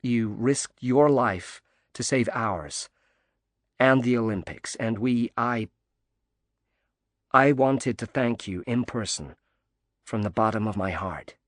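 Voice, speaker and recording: A man's voice: mid-range voice, slow, long pauses, dry recording, studio quality, lightly acted. A man voicing a cheery American woman diver. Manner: cheery, warm, emphatic.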